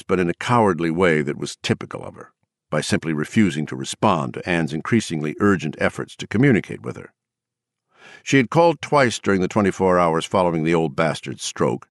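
A man narrating an audiobook in an expressive, measured reading. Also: deep voice, no room sound, studio quality.

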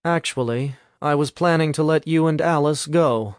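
A man voicing a calm, confident young male rival student who speaks dryly in a storybook reading. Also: a little high, normal speed, no echo, clean studio sound, lightly acted. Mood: cool.

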